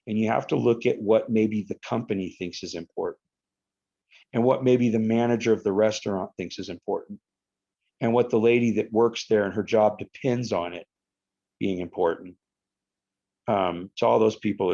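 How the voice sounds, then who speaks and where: A man in his fifties telling a story as a podcast guest, in an animated and profane way. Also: on the low side, creaky, slightly rough, lo-fi sound. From United States. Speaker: podcast guest, retired wrestler. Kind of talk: casual storytelling interview.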